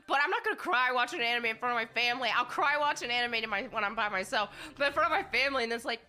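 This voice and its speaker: A woman's voice: a little high, very fast, few pauses, sharp tone, faint music behind. A woman gaming streamer with a cold, chatting casually in a rambling, candid way while she plays. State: has a cold.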